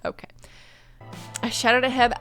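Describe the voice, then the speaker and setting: A woman's voice: on the high side, little pitch movement, a little slow, a bit bright, faint music behind. A woman YouTuber reading a story aloud and breaking off for self-mocking asides.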